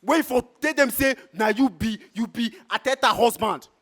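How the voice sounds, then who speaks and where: Nigerian pidgin guy ranting about his team, real high voice, bright and bouncy. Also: normal speed. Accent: Nigerian Pidgin English. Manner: heated, exasperated, repetitive. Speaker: football fan. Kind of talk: street fan reaction rant.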